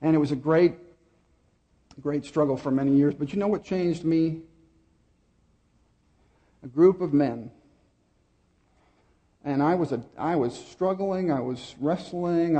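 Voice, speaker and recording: Mellow-voiced male pastor preaching. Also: on the high side, muffled recording. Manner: storytelling, pausing and repeating words. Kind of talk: sermon.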